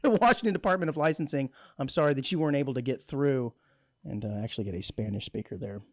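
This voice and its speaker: A man hosting a radio show, chatting in a jokey, animated way and laughing often. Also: medium pitch, fast, no echo, clean studio sound. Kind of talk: casual radio banter. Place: radio studio.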